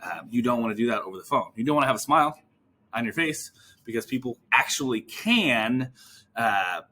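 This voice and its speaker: A man hosting a podcast for physical therapists, talking casually and acting out sample phone calls in quick put-on voices. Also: medium pitch, animated, bright, forceful tone. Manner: casual, swears now and then. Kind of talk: casual coaching talk.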